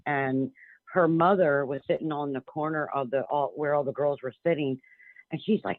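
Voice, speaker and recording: A woman's voice: low voice, normal speed, no echo. Blunt woman on a tinny phone line. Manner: blunt, emphatic, frequent restarts. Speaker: psychic medium guest. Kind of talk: phone-in radio interview. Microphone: telephone.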